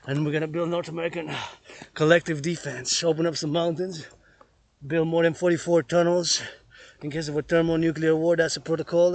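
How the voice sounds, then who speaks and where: A man's voice: on the high side, no room sound. A man vlogging outdoors on a forested mountain trail, rambling and repeating words and phrases over and over. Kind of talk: rambling vlog monologue.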